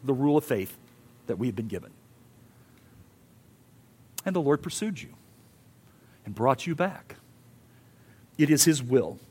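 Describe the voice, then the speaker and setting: A man's voice: on the high side, slightly rough. A male pastor giving a sermon in an earnest, emphatic way, with rising and falling intensity.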